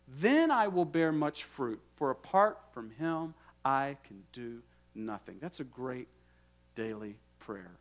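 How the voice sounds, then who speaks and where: A man preaching a sermon as a guest pastor in a church, earnest and lively, slowing down for emphasis and letting phrase endings fall soft. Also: sits high. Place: church sanctuary.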